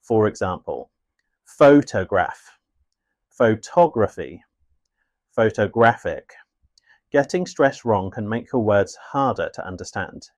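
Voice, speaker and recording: A man with a fairly low voice narrates a scripted English lesson. His delivery is clear, measured and instructive. The sound is dry and close, with no room around it. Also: animated, dry recording. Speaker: English teacher.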